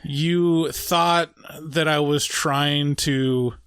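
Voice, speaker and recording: A male podcast co-host with a wry, offhand way of talking. His voice is slightly high. The sound is dry and close. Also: fairly even intonation, very slow, a bit bright, smooth, no echo. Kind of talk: casual podcast chat.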